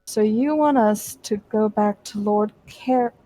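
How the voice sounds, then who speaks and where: A woman's voice: mid-range voice, slow, dark tone, soft background music, close to an everyday voice, rough recording. A woman voicing a horned adventurer who questions a guard in a pointed, challenging way.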